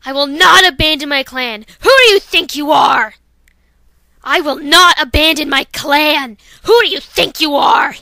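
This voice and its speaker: A woman's voice: sits high, measured pace, vocal fry, sharp tone, dry recording, full character voice. A young woman voicing an anxious mother cat who is protecting her kits, pleading with a raised voice. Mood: defiant.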